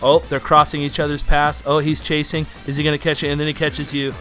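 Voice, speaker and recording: Animated male podcast host. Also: on the high side, fast talker, over music. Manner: animated, frequent restarts and laughter. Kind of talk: casual chat.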